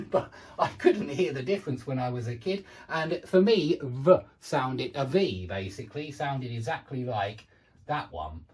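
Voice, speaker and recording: A man teaching English pronunciation in an online lesson, a native speaker who drills words slowly and repeats them for practice. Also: medium pitch, darkish tone.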